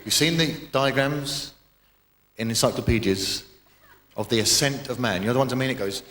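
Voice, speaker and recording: A man's voice: mid-range voice, moderate pace, fairly bright tone. A man from Britain doing a stand-up routine, sardonic and profane, with rambling asides. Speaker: stand-up comedian. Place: comedy venue with live audience. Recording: echoey live venue, audience laughter.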